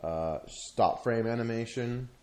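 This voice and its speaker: A man telling a story in casual chat, rambling and halting, with frequent swearing. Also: mid-range voice, a little mellow.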